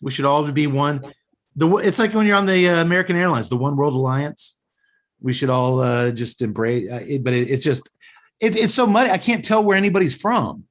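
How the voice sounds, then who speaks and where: A man's voice: fairly high pitch, a little fast. A man hosting a casual podcast chat, rambling and opinionated with frequent restarts. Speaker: podcast host.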